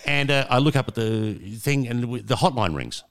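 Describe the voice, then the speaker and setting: A man's voice: medium pitch, lively intonation, normal speed, clean tone. A man in his fifties with an Australian accent, a former radio presenter telling long rambling anecdotes with restarts and the odd swear word. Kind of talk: casual storytelling interview.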